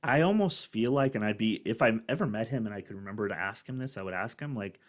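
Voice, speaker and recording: A man's voice: fairly low pitch, expressive, fast. A man hosting a reaction video, musing in a thoughtful, rambling way. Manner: thoughtful, rambling, many restarts. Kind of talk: casual commentary.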